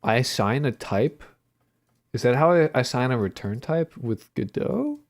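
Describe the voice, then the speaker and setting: A man's voice: medium pitch, lively intonation, unhurried. A young adult man chatting casually with his livestream audience while coding, rambling with lots of fillers, joking and swearing. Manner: playful, jokey banter with chat. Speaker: streamer and indie game developer.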